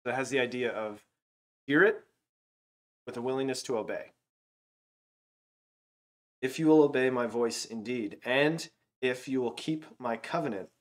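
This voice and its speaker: Animated, conversational male Bible teacher. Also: mid-range voice. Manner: conversational, animated retelling with acted-out quotes. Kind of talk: casual Bible lesson.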